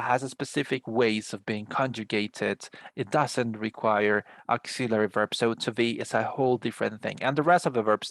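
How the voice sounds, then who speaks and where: Over a video call, a man teaches an English lesson, explaining at length, often restarting, and addressing the students as "guys." His voice is medium-pitched and a bit bright, with no room sound.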